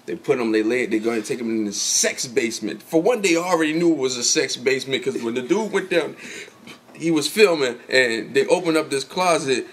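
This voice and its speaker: A man's voice: medium pitch, animated, a little fast. Slangy man retelling a story casually. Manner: loose, slangy storytelling full of filler tags. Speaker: podcast host. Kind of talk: casual chat, retelling a movie.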